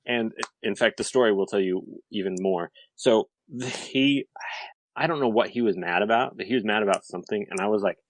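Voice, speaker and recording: A man with a fairly low voice tells a long, animated story, piling on fillers as he goes. The sound is dry and close, with no room echo at all. It is relaxed podcast chat. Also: fairly quick. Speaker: podcast guest.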